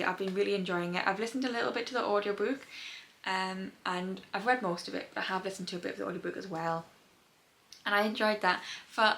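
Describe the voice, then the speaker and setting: A young woman with a light Geordie lilt chats casually to camera about her reading. Her voice is bright and clear at an ordinary middle pitch. She rambles and drifts off into side stories. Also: slight background noise. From North East England. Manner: chatty, rambling, wanders into tangents. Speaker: book vlogger.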